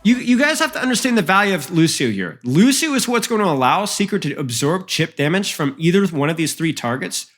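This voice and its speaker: A man coaching through a recorded match, his voice sitting a bit higher than most men's. He breaks down plays bluntly and with emphasis, often repeating words as he goes. The delivery is analytical and direct. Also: sing-song, brisk, few pauses, fairly bright tone. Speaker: esports coach. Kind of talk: analytical game review.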